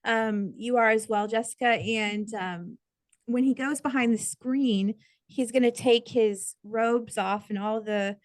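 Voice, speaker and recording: A woman's voice: a little high, measured pace, dry recording. A woman co-hosting a podcast, talking in a chatty, earnest way with plenty of "like" fillers. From United States. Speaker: podcast co-host. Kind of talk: casual podcast chat.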